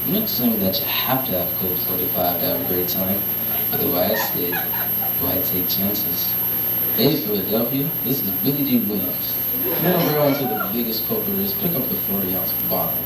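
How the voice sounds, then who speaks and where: A teenage boy doing an impression of a celebrity malt liquor pitchman, in a deep, slow, smooth voice, live on a comedy club stage. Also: animated, very noisy. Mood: smooth, selling. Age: teens. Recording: echoey club from far off.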